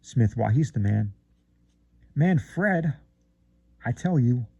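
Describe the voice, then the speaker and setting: A man's voice: mid-range voice, expressive, slow, creaky, warm tone, slightly rough, no room sound, muffled recording, full character voice. A man reading aloud, voicing a chattering, fussy society lady who gushes breathlessly from one remark to the next. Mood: gushing. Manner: breathless, gushing, flitting between remarks.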